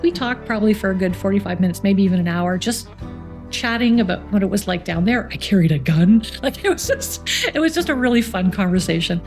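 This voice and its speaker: Middle-aged Canadian woman, gravelly and mellow, youth centre coordinator, lively anecdotes with quoted voices. Faint guitar underneath. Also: mid-range voice, fairly quick. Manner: warm anecdotal storytelling, acts out quoted voices. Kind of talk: storytelling interview.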